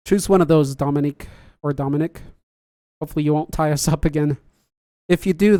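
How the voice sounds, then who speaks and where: Brief: laid-back podcast host, mid-pitched, dry close sound, chats and laughs with live viewers. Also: brisk, dark tone, no echo. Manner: chatty, laughs often, jokes at own slips. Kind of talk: casual livestream chat.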